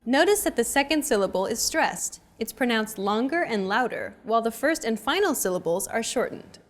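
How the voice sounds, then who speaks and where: A woman hosting a scripted language lesson, explaining clearly and evenly. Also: on the high side, expressive, normal speed. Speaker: lesson host.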